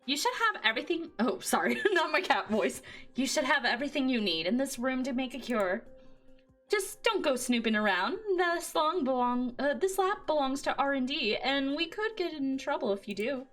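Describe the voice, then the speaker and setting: A woman voicing a cheerful, energetic young woman in a visual novel game. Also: high-pitched, moderate pace, faint music behind. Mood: bossy.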